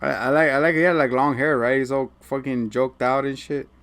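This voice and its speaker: A man's voice: medium pitch, fairly even intonation, fairly quick, fairly bright tone. Joking man recapping a show. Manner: loose and joking, acts out characters, swears. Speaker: podcast co-host. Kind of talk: casual chat recapping a TV episode.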